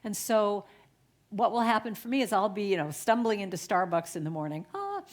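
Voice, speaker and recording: A middle-aged woman giving a storytelling sermon as a guest speaker, chatty and animated, often laughing. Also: mid-range voice, brisk. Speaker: guest speaker at a spiritual center.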